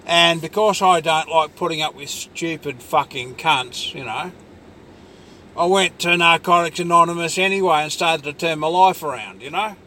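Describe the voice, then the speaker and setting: A man's voice: on the high side, moderate pace, pushed and bright, slight background noise. A man in a rambling personal monologue, ranting angrily and swearing constantly, with lots of fillers. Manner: angry, profane ranting with many fillers.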